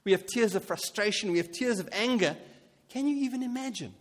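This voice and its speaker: A man with a high-pitched voice preaches a sermon in a large hall whose reverb trails after every phrase. He talks with animation, swelling into emphatic peaks and then dropping into soft, conversational asides. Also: expressive, brisk.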